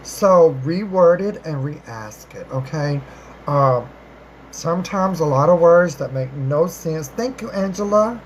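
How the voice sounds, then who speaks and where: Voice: expressive, takes it slowly, a little hiss or hum, rough recording. Chatty live-stream host saying "darling" a lot. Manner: affectionate, calls everyone darling and baby; chatty, repeats and rephrases, with swooping pitch jumps. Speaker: livestream host answering viewer questions. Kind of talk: casual live-stream chat.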